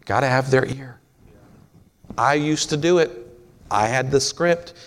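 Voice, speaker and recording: A man's voice: mid-range voice, measured pace, noisy background. A man preaching a sermon in a folksy, storytelling way, joking with the congregation.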